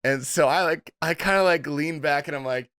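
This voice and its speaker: A man hosting a podcast, telling a story in animated, laughing, profane casual chat. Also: fairly high pitch, moderate pace, clean tone, dry recording, studio quality. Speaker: podcast host.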